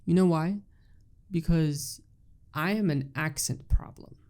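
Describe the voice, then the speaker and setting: A man's voice: on the high side, slow pace, a little mellow. A young man whose first language is Arabic, speaking English with an Arabic accent in a rambling casual monologue, full of fillers and restarts, with casual swearing.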